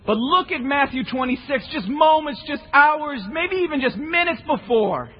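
A man preaching a sermon with passion, swinging between shouting and hushed tones. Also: extremely high pitch, expressive, moderate pace. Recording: echoey hall, slightly muffled.

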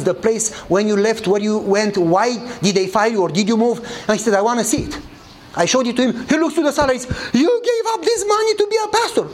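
Man telling a story in English. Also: poor audio. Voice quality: non-native English grammar. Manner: animated storyteller, acting out dialogue with changing pitch. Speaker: pastor. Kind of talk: sermon storytelling.

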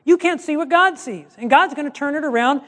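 A pastor teaching a Bible study in sermon style, earnest and emphatic, often restarting his sentences. His voice sits unusually high for a man. It rings out with a long reverb, as in a large hall. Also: fairly quick, bright, forceful tone.

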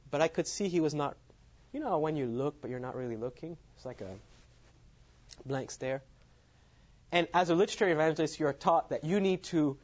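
A man's voice: on the high side, darkish tone. A man giving a sermon as he tells a personal story, laughing often at his own lines. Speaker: preacher. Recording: dull lo-fi sound.

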